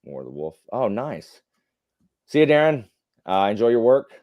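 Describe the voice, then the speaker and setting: At normal speed and medium pitch, a male livestream host swings widely in pitch as he chats casually and responds to viewer comments. His delivery rambles, leans heavily on fillers, and carries blunt opinions. The recording is dry, and the audio sounds dull.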